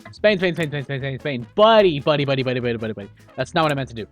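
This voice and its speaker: A man hosting a gaming video, commenting on strategy gameplay in an excitable, jokey, self-mocking way. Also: medium pitch, racing, lo-fi sound, faint music behind. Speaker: gaming channel host.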